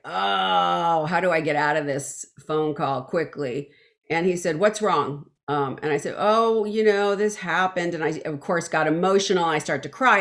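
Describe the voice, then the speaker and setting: A woman's voice: low-pitched, fairly bright tone. A woman singer telling her story in an interview, acting out quotes, with many fillers and restarts. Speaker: guest, backing vocalist.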